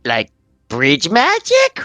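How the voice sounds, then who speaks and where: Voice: mid-range voice, huge pitch swings, takes it slowly, a bit bright, no room sound, faint music behind. A player in a tabletop game, playful and swinging in tone. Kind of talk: casual tabletop play.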